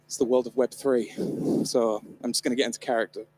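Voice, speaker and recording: A man's voice: mid-range voice, steady tone, fast talker, darkish tone, slightly rough. A man from the north of England giving a comedic keynote talk on stage at a live event, irreverent, joking and swearing freely. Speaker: conference presenter.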